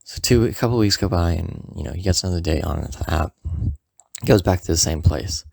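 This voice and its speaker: A man casually telling a comic story, rambling with lots of "you know" and "like", jumping into higher voices for the people in it. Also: brisk, vocal fry, darkish tone, breathy edge, no room sound, clean studio sound. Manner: acts out the friend's lines in a higher voice.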